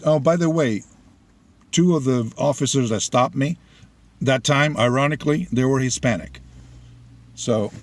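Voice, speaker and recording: A middle-aged man, a native Spanish speaker, delivers blunt political commentary in a slow, deliberate way. His voice sits at an ordinary pitch for a man. The sound is dry and close, with no room echo. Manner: deliberate, blunt, opinionated storytelling. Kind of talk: opinion monologue.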